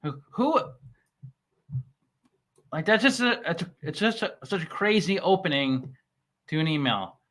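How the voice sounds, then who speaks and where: A man hosting a casual stock commentary channel, talking with halting restarts and plenty of fillers. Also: a little high, big pitch swings, fairly bright tone. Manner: reads scam email aloud mockingly. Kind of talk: casual chat.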